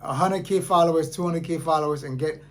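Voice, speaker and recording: A man's voice: a little high, fast. A man, an independent artist, talking casually and earnestly to the camera, telling stories and repeating phrases for emphasis. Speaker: independent artist, channel host.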